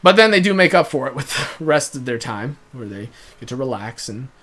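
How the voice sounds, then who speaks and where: A man's voice: medium pitch, sing-song, fairly quick, fairly bright tone. A young man giving rambling, casual commentary over a racing game he hosts, often laughing between thoughts. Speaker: gaming channel host.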